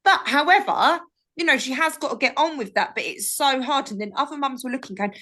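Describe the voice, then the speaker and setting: A woman's voice: sits high, expressive, a little fast, sharp tone. A woman, chatting casually as a podcast guest and telling stories animatedly. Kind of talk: casual chat.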